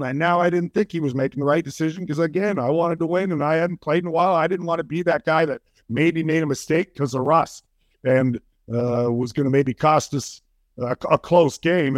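An older man, a former hockey player, telling a story in an interview, animated and full of restarts. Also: fairly high pitch, dry recording.

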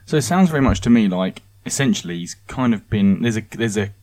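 A man hosting a casual podcast chat, asking relaxed questions with a joking manner. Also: fairly low pitch, a little fast. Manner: relaxed, asks questions, jokey. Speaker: podcast host.

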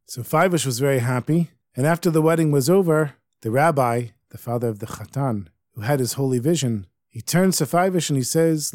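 A man storyteller telling a Hasidic tale in a lively, emphatic way. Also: mid-range voice, fairly quick, few pauses, no echo, studio quality.

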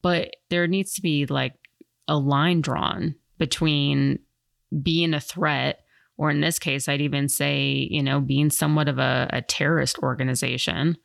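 A woman's voice: low voice, fairly even intonation, a little slow, gravelly, no room sound, clean studio sound. A woman hosting a podcast and chatting casually, a firearms instructor who rambles with lots of fillers. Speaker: podcast host.

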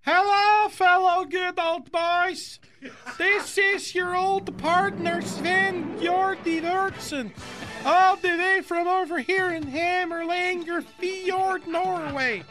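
Goofy Norwegian caller: very high, slow, hearty, with music under him. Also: male voice, fairly even intonation. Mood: jolly. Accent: put-on Norwegian. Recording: music behind.

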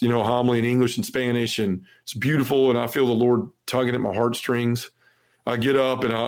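This podcast guest is a man in his forties whose mid-range voice is a little mellow and carries vocal fry. Earnest in his testimony, he sprinkles in "you know" and performs the quoted lines of others in the story.

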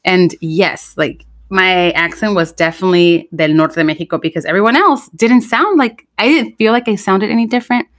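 A woman in her thirties from the United States, co-hosting a casual podcast chat and telling animated stories that switch between English and Spanish. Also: mid-range voice, normal speed, hardly any pauses. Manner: animated storyteller, imitates voices in quotes. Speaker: podcast co-host.

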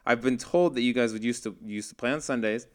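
A man's voice: medium pitch, fast. A man co-hosting a podcast in a studio, chatty and asking long rambling questions. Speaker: podcast co-host. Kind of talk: casual chat.

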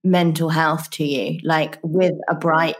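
A woman hosting a casual interview with a low-pitched voice. She talks earnestly and encouragingly, sprinkling her sentences with casual fillers. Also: steady tone, slow. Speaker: podcast host.

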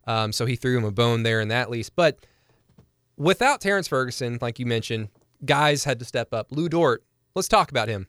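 A man's voice: mid-range voice, lively intonation, normal speed, fairly bright tone, dry recording, studio quality. Young male podcast co-host, analytical and chatty, clean resonant tone. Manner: chatty and analytical, laughs easily. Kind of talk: casual sports talk.

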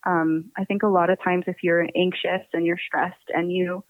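A woman's voice: on the low side, level tone, moderate pace, no echo. A woman with a New Jersey accent, chatting casually as a podcast guest, laughing often and swearing freely. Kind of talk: casual interview chat. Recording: tinny phone line.

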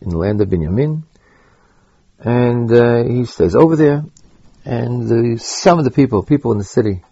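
A man teaching a Torah lesson, halting and repeating words as he thinks aloud, with Hebrew terms mixed in. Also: medium pitch, lively intonation, gravelly, dark tone, slightly rough, no echo, dull audio. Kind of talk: spoken Torah lecture.

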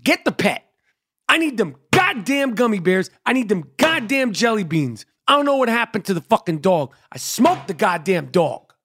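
A man's voice: very high voice, a bit bright. A middle-aged man, ranting in a crude, rambling comedy monologue full of repetition and swearing.

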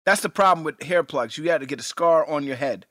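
A man in casual podcast chat, talkative and joking. His voice sits a little high and sounds bright and forceful. The recording is close and dry. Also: no echo. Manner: talkative, joking, quick to riff. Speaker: podcast co-host.

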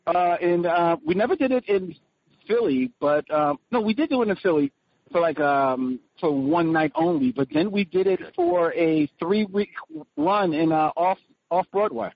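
Lively, gravelly podcast host man. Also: high voice, moderate pace, dry recording. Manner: rambling, filler-heavy, self-correcting. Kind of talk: casual chat. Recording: dry dull lo-fi podcast audio.

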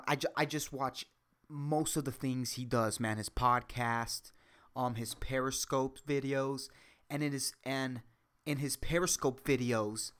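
A man hosting a solo comedy podcast, rambling and self-mocking, crude, with a high squeaky voice. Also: fairly bright tone. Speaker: podcast host.

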